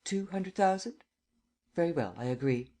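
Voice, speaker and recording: A man voicing a commanding imperial visitor who speaks calmly and evenly, in an audiobook reading. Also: a little high, moderate pace, pitched above the performer's own voice, lightly acted. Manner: calm, even, stating rather than asking.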